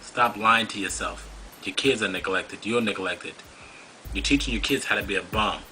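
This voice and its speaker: A man's voice: lowish voice, moderate pace, sharp tone, slight background noise, low-quality recording. A man hosting a talk show, delivering a preachy, scolding monologue full of rhetorical questions. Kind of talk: monologue commentary.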